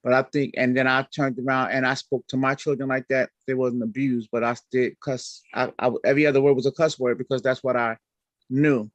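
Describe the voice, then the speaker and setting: Candid elder sharing testimony. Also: male voice, medium pitch, a little fast, no room sound, lo-fi sound. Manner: candid, animated, acts out quoted reactions. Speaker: church elder. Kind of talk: personal testimony in discussion. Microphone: video call.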